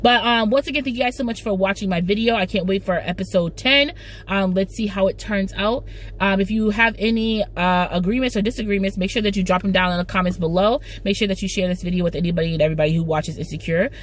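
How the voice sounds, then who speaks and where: A woman's voice: mid-range voice, fast talker, slight background noise. A young woman chatting casually as she recaps a TV episode for her channel, emphatic and slangy. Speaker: TV recap vlogger.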